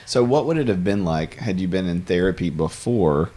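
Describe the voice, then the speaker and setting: A man hosts an interview podcast in a laid-back, conversational manner. His voice sits somewhat low, and he slips in easygoing asides between his questions. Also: normal speed. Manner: relaxed, conversational, self-deprecating asides. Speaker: podcast host.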